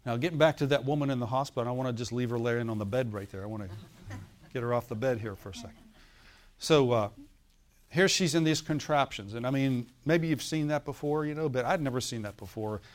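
A man's voice: medium pitch, brisk. A male pastor preaching a sermon, telling a story and often asking the congregation for an amen, with a laugh now and then.

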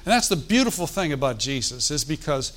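A man's voice: on the high side, sing-song, fairly quick, fairly bright tone. A man preaching a sermon in a conversational, folksy way, with joking asides and calls for the congregation to answer. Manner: asks the congregation for responses.

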